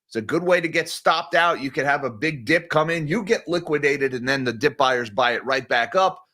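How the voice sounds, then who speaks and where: Guy running a morning markets stream, kinda high-ish voice, chatty and direct, calls everyone guys. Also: moderate pace, sharp tone. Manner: conversational, direct, addresses viewers as guys. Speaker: market news livestream host. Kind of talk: casual market commentary.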